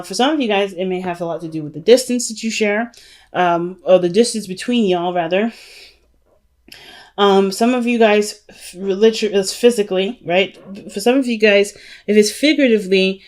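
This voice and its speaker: Speaking fairly quickly in a mid-range voice, a tarot reader leads a casual, chatty reading, emphatic and full of "you know" and "right?". She refers to her viewers as "family" and "y'all".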